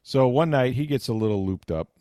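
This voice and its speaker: A man hosting a sports talk show, telling a lively anecdote and slipping into impressions of other people. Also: mid-range voice, fairly quick, no echo, studio quality. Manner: animated anecdote teller, mimics others' voices. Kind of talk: casual storytelling chat.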